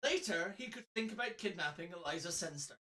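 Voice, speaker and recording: A man's voice: sits high, animated, a little fast, sharp tone, distant mic, a little hiss or hum. Playful man reading aloud. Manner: playful, laughing, theatrical reading. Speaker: co-host reading a novel aloud. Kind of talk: comic live reading with banter. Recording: roomy echo.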